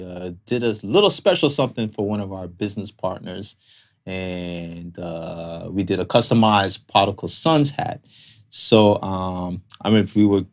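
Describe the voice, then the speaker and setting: A man co-hosting a podcast, talking in casual chat and often rambling and restarting his sentences. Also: low-pitched. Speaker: podcast co-host.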